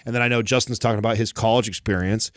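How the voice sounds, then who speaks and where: A man co-hosting a casual chat, telling stories in an animated way, full of "like" and "bro". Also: fairly low pitch, racing, no room sound, studio quality. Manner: animated storytelling, frequent "like" and "bro". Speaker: podcast co-host.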